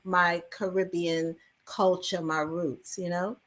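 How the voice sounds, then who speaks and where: A woman, originally from England, telling stories in a lively interview conversation. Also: fairly low pitch, slow pace. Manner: animated storytelling with many fillers. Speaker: actress guest.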